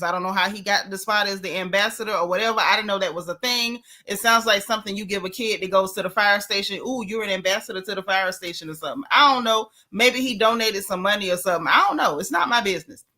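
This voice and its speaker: A woman's voice: medium pitch, pushed and bright. A woman hosting a casual celebrity gossip show, sassy and chatty, talking straight to her viewers as y'all and reading their comments aloud. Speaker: gossip channel host.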